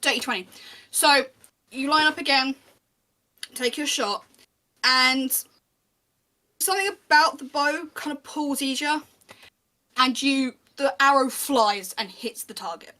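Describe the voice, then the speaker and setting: A woman's voice: high voice, unhurried, pauses often, bright, forceful tone. A woman narrating as game master of a tabletop game, in a chatty, descriptive way with small restarts.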